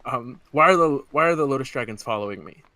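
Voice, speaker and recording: A man playing a tabletop game, speaking hesitantly with pauses. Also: mid-range voice, lively intonation, sharp tone, no room sound. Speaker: player.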